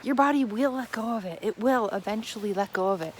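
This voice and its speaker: A woman giving earnest, encouraging self-help advice to the camera as a healing coach, repeating phrases for emphasis and softening into a gentle, hushed voice for affirmations. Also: a little high, a little fast, a little hiss or hum, poor audio.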